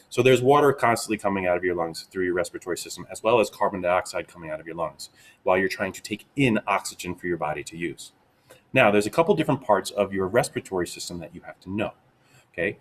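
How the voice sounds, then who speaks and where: A man giving a lively, casual science lesson to kids, checking in often with "okay?". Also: sits low, quick pace. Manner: energetic, upbeat, repeats "okay?" often. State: out of breath. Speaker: teacher.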